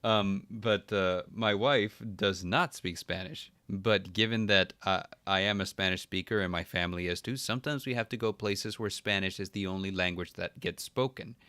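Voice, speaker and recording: A man with a low voice chats casually as a podcast host. He tells stories with a lively, laughing manner and breaks into quick impressions. The sound is dry and close, with no room echo. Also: clear, resonant tone. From Texas. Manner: laughing, animated storytelling with impressions. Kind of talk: casual chat.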